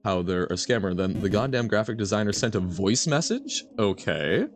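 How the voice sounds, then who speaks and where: Lively low-voiced male streamer. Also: moderate pace, slight background noise. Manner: animated, rambling, self-correcting, answers chat. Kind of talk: casual live-stream chat while gaming.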